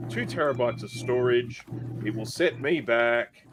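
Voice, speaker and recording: An older man with an Australian accent chatting on a tech podcast, measured and hesitant, often repeating words as he thinks. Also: medium pitch, slight background noise. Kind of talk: casual tech podcast chat.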